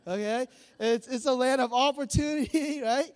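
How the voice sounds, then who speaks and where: A man preaching a sermon, animated, acting out quoted dialogue and laughing often. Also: extremely high pitch, normal speed. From Vietnam. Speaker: pastor. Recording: long hall reverb.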